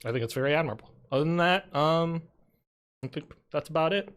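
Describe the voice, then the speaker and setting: A man's voice: fairly high pitch, fast talker, clear, resonant tone. Rambling man chatting casually. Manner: rambling, many fillers and restarts. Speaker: podcast co-host. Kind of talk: casual chat.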